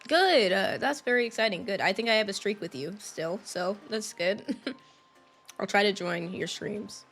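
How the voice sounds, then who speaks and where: Woman streamer, casual and chatty with chat, quick to laugh, voice recovering from having been lost, light music underneath. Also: medium pitch, fairly bright tone. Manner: chatty, greets viewers, laughs often. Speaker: streamer playing a game.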